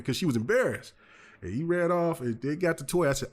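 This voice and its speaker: A man hosting a gaming podcast, telling stories in a lively, rambling way full of fillers and restarts. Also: on the high side, fast talker. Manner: animated storyteller, many fillers and restarts. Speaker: podcast host. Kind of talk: casual chat.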